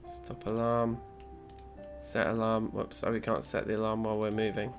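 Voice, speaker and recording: A man's voice: lowish voice, completely flat delivery, normal speed. Man, let's play commentary, self-mocking, thinking aloud, faint game music underneath. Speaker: gaming channel host.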